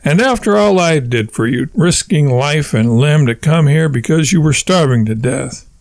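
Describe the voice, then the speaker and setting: A blustering know-it-all husband from an audiobook, as a man reads him, pitched a little above his narrator's voice. He argues, bluffs and lectures with cocky confidence. The sound is dry and close. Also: lively intonation, moderate pace, creaky, darkish tone, dry recording. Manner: boastful, argumentative, talks his way out of things. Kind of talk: audiobook character voice.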